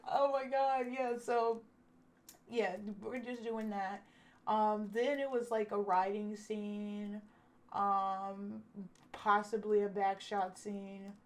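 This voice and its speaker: A woman's voice: medium pitch, steady tone, slow. A woman vlogger telling a candid storytime with lots of swearing, acting out what people said. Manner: candid, profane, acts out quotes. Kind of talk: casual storytime.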